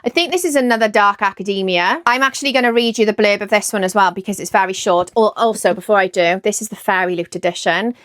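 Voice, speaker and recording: Welsh woman rambling about her reading list, excitable, keeps correcting herself, dry close sound. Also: medium pitch, fast talker, hardly any pauses, dry recording. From Wales. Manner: chatty and excitable, often second-guessing herself. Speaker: book vlogger. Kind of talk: casual chat about books.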